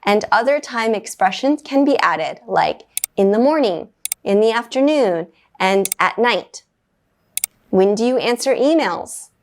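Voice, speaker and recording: A woman teaching an English grammar lesson, explaining in a clear, measured way and giving short upbeat praise after each exercise. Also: mid-range voice, lively intonation, a little hiss or hum.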